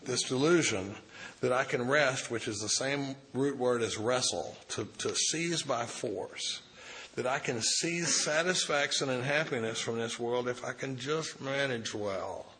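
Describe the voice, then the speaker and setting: At a recovery meeting, a man with a medium-pitched, sharp voice gives an informal, folksy talk at an unhurried pace. He reads a passage and then riffs on it in blunt, salty, profane language.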